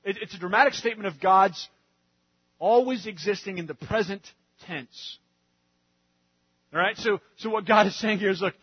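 High, husky preacher. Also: male voice, normal speed, pauses often, dry recording, highs cut off. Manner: conversational, often checks in with "all right?" and "right?"; grows louder and more emphatic as he goes. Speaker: pastor. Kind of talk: expository sermon.

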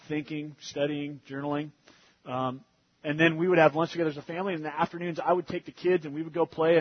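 A man preaching, telling a family story in an animated way that gets loud and fast in the funny parts. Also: on the high side, husky, dull audio. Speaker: pastor. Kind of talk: sermon storytelling.

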